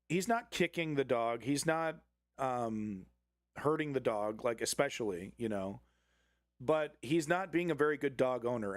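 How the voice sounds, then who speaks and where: Male streamer reacting to a clip, blunt and profane, mid-pitched, dry close sound. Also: no room sound. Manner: blunt and profane, with frequent restarts. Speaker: live news commentary host. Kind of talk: casual live-stream commentary.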